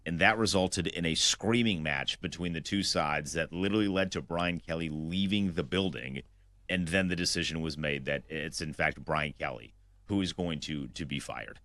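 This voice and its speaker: Very deep, brash male panelist. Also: normal speed, bright, forceful tone, no echo. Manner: brash, blunt. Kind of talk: casual sports chat.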